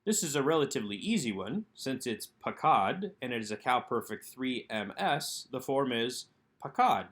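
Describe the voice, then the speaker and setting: A man narrating a recorded language lesson over slides, sounding out words slowly and carefully. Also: medium pitch, expressive, fairly bright tone. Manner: slow, careful enunciation of Hebrew words. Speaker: Hebrew teacher.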